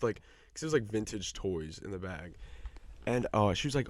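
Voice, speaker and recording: A man's voice: mid-range voice, brisk. Man telling a story, acting out voices. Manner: animated, acts out the people in his stories, swears freely. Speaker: podcast co-host. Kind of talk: casual storytelling chat.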